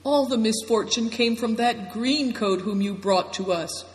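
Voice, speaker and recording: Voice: medium pitch, measured pace, voice pushed up, lightly acted. A reader voicing a wounded, distraught male soldier who speaks faintly and strains his voice. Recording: roomy echo with long reverb.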